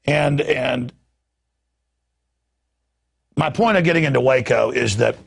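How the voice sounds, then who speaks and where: A man's voice: medium pitch, takes it slowly, vocal fry, slightly rough. A man hosting a talk show, delivering an urgent, preachy political monologue in a fervent voice with lots of restarts.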